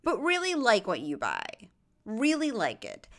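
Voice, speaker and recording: A woman's voice: fairly high pitch, huge pitch swings, measured pace. A tired woman hosting a podcast, chatting casually and giving advice with lots of fillers, asides and self-deprecating jokes. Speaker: podcast host.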